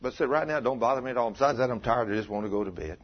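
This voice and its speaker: Folksy preacher man, husky, lo-fi. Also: medium pitch, rapid-fire. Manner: folksy, animated, rising to loud emphatic peaks. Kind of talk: sermon with storytelling. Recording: dull lo-fi recording.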